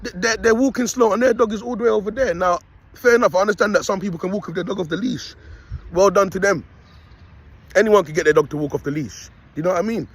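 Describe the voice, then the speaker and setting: Husky-voiced man, rambling preacher. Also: high-pitched, quick pace. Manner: rambling, street slang, repeats "you get me". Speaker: self-styled prophet vlogger. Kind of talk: casual preaching monologue.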